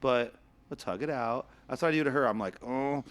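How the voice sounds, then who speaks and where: A male podcast host chatting casually with a guest. He tells loose, rambling stories, laughs often and swears freely. His voice sits at an ordinary pitch for a man. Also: brisk, fairly bright tone, clean tone.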